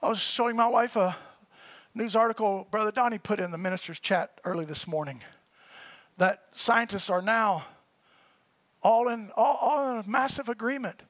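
A male preacher reading scripture in a sermon, rising to shouted peaks and dropping to quiet asides. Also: normal speed, dry recording. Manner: builds to high shouting peaks, then drops to quiet asides.

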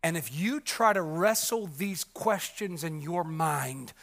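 A man with a high, bright voice preaches a sermon. His delivery is dramatic, climbing to ringing shouts and then dropping to hushed whispers. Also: slow pace, gravelly.

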